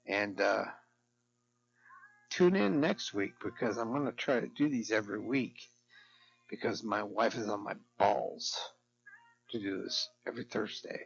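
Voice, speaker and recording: A man's voice: fairly low pitch, measured pace, creaky, pauses often. A fifty-year-old man, a little drunk, giving a rambling, profane and emotional personal rant as host of his weekly show. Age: 50s. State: tipsy from drinking. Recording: dull lo-fi recording with music behind.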